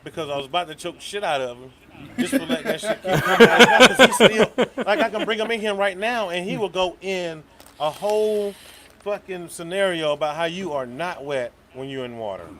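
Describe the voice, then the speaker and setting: A man's voice: high voice, expressive, a little fast, a crowd in the background. A man in casual chat telling a wild story, repeating words as he builds up to it.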